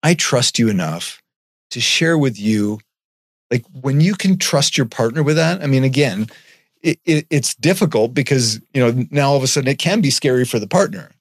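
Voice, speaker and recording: A man talking earnestly in a casual podcast conversation, getting animated and swearing now and then. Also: medium pitch, moderate pace, no room sound, studio quality.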